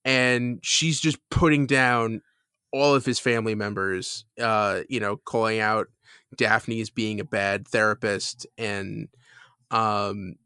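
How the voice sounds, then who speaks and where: This male podcast co-host rambles through a casual chat, full of fillers and false starts, laughing while recounting a scene. He speaks slowly in a lowish, fairly flat voice that sounds pushed, bright and clean. It's a dry, clean studio recording.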